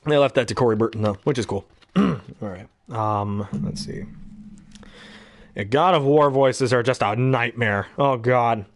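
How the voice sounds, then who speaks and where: A man's voice: medium pitch, measured pace, no echo. A man talking casually about his favorite voices, rambling and chatty between impressions. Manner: chatty, rambling, full of ums and throat-clearing. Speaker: hobby voice actor.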